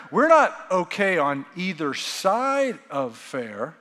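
A male pastor with a high voice delivers a lively, animated sermon and slips into the voices of the people he describes. His words ring out with a long reverb, as in a big church hall. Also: slow pace. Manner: animated, acts out quoted voices.

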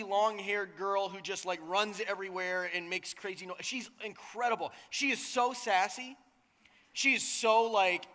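A man's voice: sits high, sharp tone. A man in his thirties preaching a sermon in a casual, joking, conversational way, often checking in with the crowd. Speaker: pastor. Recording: long reverb of a large hall.

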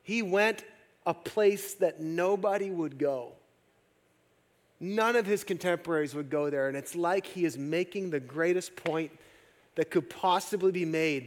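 A man pastor preaching a sermon, shifting between loud emphatic peaks and hushed, slow appeals to the congregation. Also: a little high, long reverb tail.

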